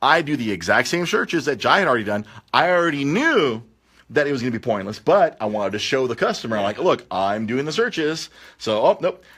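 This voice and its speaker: Animated man telling a story, bright voice. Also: mid-range voice, a little fast, breathy edge. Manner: lively, acts out voices in his story, laughs often. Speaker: podcast host. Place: radio studio.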